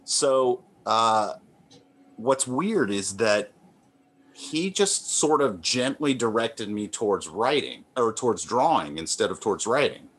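A man with a somewhat low voice speaks as a guest in a relaxed interview. He rambles gently and runs his thoughts through plenty of fillers, restarts and modest asides. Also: slow, slight background noise. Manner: rambling, self-deprecating, many fillers and restarts. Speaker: comic artist guest.

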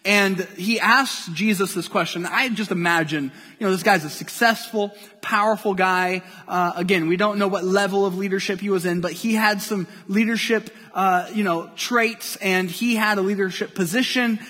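A man's voice: high-pitched, moderate pace, few pauses, sharp tone, in a large hall. A man preaching a sermon in a conversational way, acting out the voices of people he quotes. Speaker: pastor.

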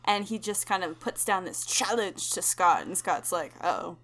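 A woman's voice: mid-range voice, a bit bright. A woman co-hosting a podcast, recapping a movie in casual chat with wry asides. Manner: wry asides, quick to laugh. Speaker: podcast co-host.

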